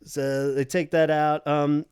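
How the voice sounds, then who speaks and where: Smooth-voiced man hosting a casual podcast. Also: on the high side, flat delivery, takes it slowly, darkish tone, dry recording, studio quality. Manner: swearing, rambling storyteller, acts out quotes. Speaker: podcast host. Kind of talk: casual chat.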